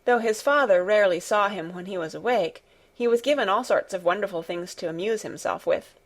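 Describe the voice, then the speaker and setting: A woman reads a classic novel aloud as an audiobook, at a middle pitch. Her delivery is soft and even, and her pacing is relaxed, as if she were telling a bedtime story. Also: a little fast. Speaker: audiobook narrator. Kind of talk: calm scripted audiobook narration.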